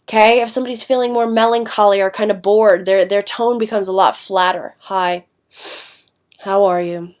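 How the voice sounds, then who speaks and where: A woman's voice: mid-range voice, fairly even intonation, a little fast, few pauses, darkish tone. A woman from Ohio, an English teacher, giving a recorded class lecture with a stuffed-up nose, chatty and often checking in with "okay?". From Ohio, United States.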